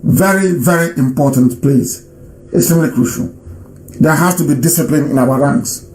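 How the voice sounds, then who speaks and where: Emphatic man with high voice, echoey room. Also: moderate pace, darkish tone. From Nigeria. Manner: emphatic, repeats phrases for stress. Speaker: radio host taking calls. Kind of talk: live radio broadcast address. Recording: roomy echo.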